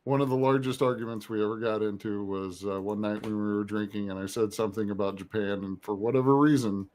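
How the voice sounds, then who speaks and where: Dry, low-key married man. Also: fairly even intonation, fast, a little mellow, soft background music. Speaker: guest. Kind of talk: casual livestream chat.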